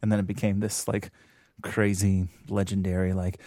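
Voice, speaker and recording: A man's voice: fairly low pitch, little pitch movement, fast, gravelly, a little mellow, no room sound. A man co-hosting a film podcast, telling a story in casual chat and laughing often. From Minnesota. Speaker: podcast co-host.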